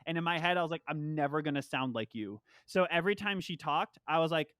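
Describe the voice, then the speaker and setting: A man's voice: on the high side, quick pace, fairly bright tone, clean tone, dry recording. Rambling young man, dry close sound. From Long Island, New York. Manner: rambling, loose, swears often. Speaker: guest Smash player. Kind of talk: casual podcast chat.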